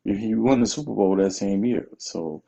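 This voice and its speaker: Man, podcast co-host, low gravelly voice, trash-talking, casual sports banter. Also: lively intonation, moderate pace, a crowd in the background, poor audio. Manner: trash-talking, loud and teasing, laughs often.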